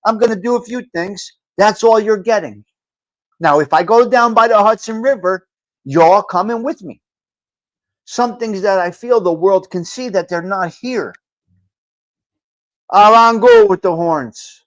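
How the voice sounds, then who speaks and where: A man's voice: sits high, animated, unhurried, long pauses. Rambling New York man hosting a live chat. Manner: rambling and repetitive, profane. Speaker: host. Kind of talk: casual live talk show chat.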